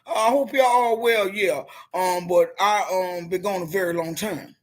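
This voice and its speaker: A middle-aged woman, a motivational speaker, tells her story on a live stream, addressing viewers directly in a heartfelt, preachy way. Her voice is fairly low and her pace is moderate, giving it the feel of an emotional testimony.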